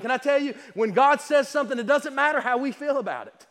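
At a church service, a male preacher with a very high-pitched, slightly bright voice delivers an emphatic, repetitive sermon in a large hall. He fires off rhetorical questions and stammers through quick restarts.

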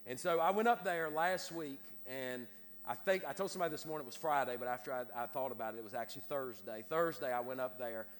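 Fast-talking preacher in a reverberant hall. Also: male voice, mid-range voice. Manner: repetitive, stammering restarts. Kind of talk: sermon storytelling. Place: church sanctuary. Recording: reverberant hall with faint noise.

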